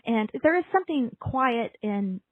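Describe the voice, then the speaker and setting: A woman co-hosts a casual podcast in a husky voice, emphatic and talkative. Her sound is thin and phone-like, with no room around it. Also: a little high, lively intonation, a little slow, no room sound. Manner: chatty, emphatic. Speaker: podcast co-host. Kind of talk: casual chat.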